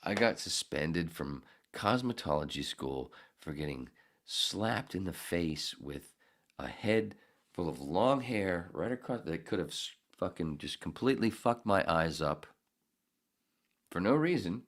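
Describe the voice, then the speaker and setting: A man hosting his own podcast, telling a story in a casual, profane and sarcastic way, acting out loud outbursts. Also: low-pitched, expressive, measured pace. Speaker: podcast host.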